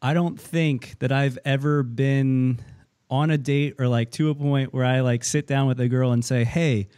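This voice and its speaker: A man's voice: mid-range voice, fairly even intonation, moderate pace, darkish tone, smooth, no room sound, clean studio sound. A man in his twenties co-hosting a podcast, chatting in a self-deprecating, laughing way. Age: 20s. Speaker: podcast co-host. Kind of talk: casual interview chat.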